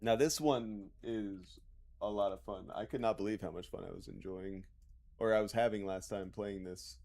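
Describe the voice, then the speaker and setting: A man's voice: lowish voice, steady tone, moderate pace, darkish tone. A man streaming a game, chatting casually and reading chat aloud in a loose, joking, profane way.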